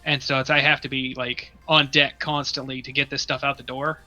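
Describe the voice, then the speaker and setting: A man's voice: mid-range voice, level tone, fairly quick, sharp tone, no echo, faint music behind. A man guesting on a casual interview, talking in long run-on rambles full of fillers. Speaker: guest, one-man accessory maker. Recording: dull lo-fi dry sound.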